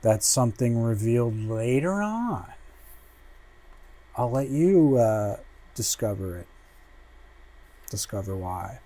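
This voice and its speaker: Man, slow-paced, casual livestream chat, mutters to himself, swears freely, mid-pitched. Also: animated, warm tone. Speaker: host flipping through a comic.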